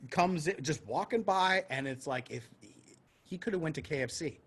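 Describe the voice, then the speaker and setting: A man's voice: on the high side, animated, moderate pace, a little hiss or hum. A man co-hosting a podcast who tells a long story casually, swearing freely and acting out the voices of the people in it. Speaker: podcast co-host.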